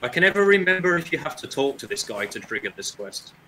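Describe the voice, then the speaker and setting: A man's voice: a little high, big pitch swings, fast talker, crowd noise. A man chatting casually while racing through a speedrun, talking through his moves with self-mocking asides. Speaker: speedrun racer.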